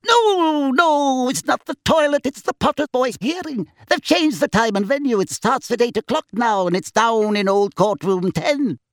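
A man voicing a timid, stooped old male wizard who talks in a fretful, hurried rush, in an audiobook. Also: extremely high pitch, lively intonation, a bit bright, no room sound, studio quality, voice pushed up, full character voice. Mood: flustered. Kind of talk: audiobook character voice.

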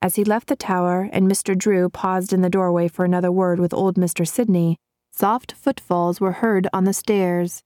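A woman narrating a story in a measured, clear manner. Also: fairly low pitch, steady tone, dark tone, no echo, studio quality. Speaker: audiobook narrator. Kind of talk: scripted narration.

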